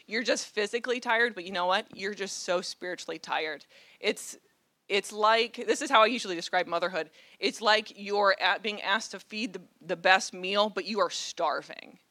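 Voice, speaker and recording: A woman's voice: medium pitch, bright, forceful tone, dry recording. A mother giving an earnest, conversational sermon with dry humor. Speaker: guest speaker.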